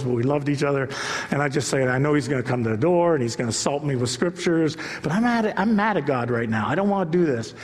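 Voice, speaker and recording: A middle-aged man preaching a sermon as pastor, telling personal stories and building to loud, animated peaks. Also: fairly high pitch. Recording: long reverb of a large hall.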